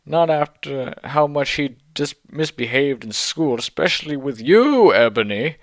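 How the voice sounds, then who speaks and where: A man's voice: medium pitch, expressive, unhurried, no room sound. A man voicing a sneering, cranky old wizard headmaster in a comic read-aloud, with snappy, dismissive lines. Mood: contemptuous.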